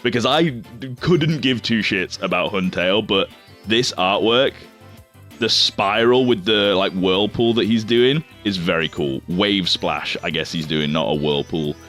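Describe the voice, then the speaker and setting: A man's voice: fairly low pitch, measured pace, fairly bright tone, soft background music. A young man, chatting casually as he opens trading card packs, rambling, swearing loosely and stumbling over names. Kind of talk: casual unboxing commentary.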